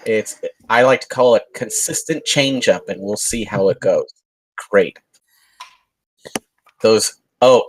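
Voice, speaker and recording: A man's voice: medium pitch, no echo, low-quality recording. A man, a regular of the show, chattily running through upbeat announcements and plugs. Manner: chatty, upbeat, self-promoting. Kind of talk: casual announcements.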